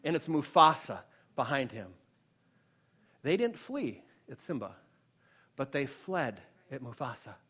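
Husky, very animated, and a little slow, this preacher leaves long pauses in a sermon that climbs to loud, emphatic highs and falls to low, hushed storytelling. He repeats words often as he starts over.

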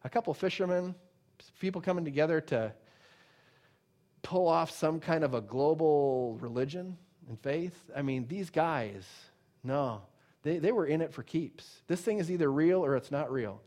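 A man with a somewhat high voice preaches with emphatic force. He drops into casual asides full of fillers, then builds back up to loud declarations. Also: animated, normal speed. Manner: emphatic preaching, rising and dropping in volume; conversational asides with many fillers. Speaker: pastor. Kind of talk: sermon.

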